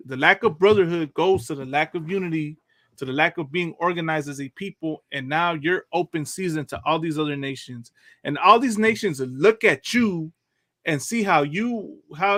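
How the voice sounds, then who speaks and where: A man's voice: on the high side, bright, forceful tone, no echo. A man hosting a casual religious talk show, loose and chatty, often laughing and asking "you know what I mean". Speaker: radio show host.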